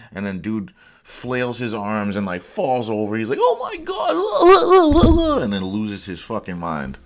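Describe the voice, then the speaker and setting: A man with a low, deep voice walks through football game film in a casual breakdown, blunt and sarcastic as he pokes fun at the blown plays. Soft music plays faintly behind him.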